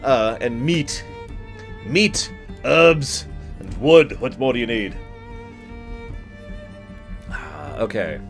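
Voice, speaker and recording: A man's voice: medium pitch, sing-song, slow, long pauses, faint music behind. A man streaming a game, joking casually and reading game text aloud. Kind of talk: casual let's-play commentary.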